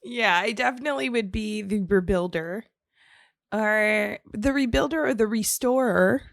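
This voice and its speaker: A woman's voice: medium pitch, a little slow, creaky, no room sound, clean studio sound. A woman co-hosting a podcast, chatting casually in an upbeat way and laughing often. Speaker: podcast co-host. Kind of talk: casual chat.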